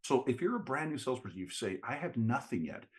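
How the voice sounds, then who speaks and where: With a quick pace and a mid-range voice, this man tells lively stories as a guest in an interview. He's a sales trainer who acts out what people said in dialogue.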